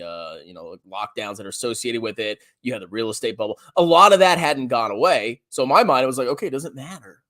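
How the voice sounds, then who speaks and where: On his personal finance channel, a man with a mid-range voice reads viewer comments aloud, animated and slangy, laughing often.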